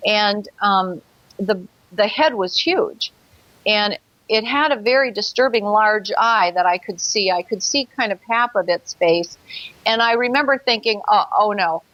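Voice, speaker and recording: A woman's voice: mid-range voice, a little slow, fairly bright tone, dry recording, dull audio. A woman guest in a talk show interview, telling a personal story earnestly and vividly, with hesitant fillers.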